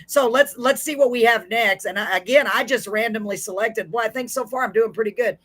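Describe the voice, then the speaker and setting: A woman's voice: a little high, a little fast, fairly bright tone. A woman from Texas, hosting a live online show and talking with her guest in an effusive, emotional way. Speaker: host.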